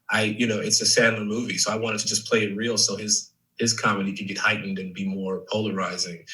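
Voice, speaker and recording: Male actor guest, thirties, from Chicago; lively storyteller with a lowish, forceful voice, mic set back a little. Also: recorded from a distance, rough recording. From Chicago, USA. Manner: animated storyteller, many fillers like "like" and "man". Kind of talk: casual interview chat.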